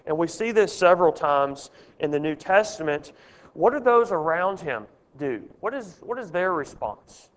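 A man's voice: on the high side, expressive, normal speed, big-room sound. A man leading a Bible study, earnest and asking his group questions.

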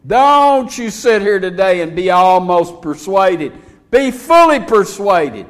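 A man's voice: sits high, sing-song, takes it slowly. A man preaching a folksy, emphatic sermon, reading scripture aloud between his points.

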